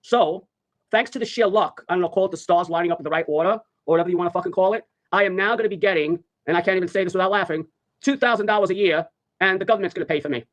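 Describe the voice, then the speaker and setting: A man's voice: sits high, racing. A man telling a story on a livestream, rambling and profane, repeating his phrases over and over. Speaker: live streamer.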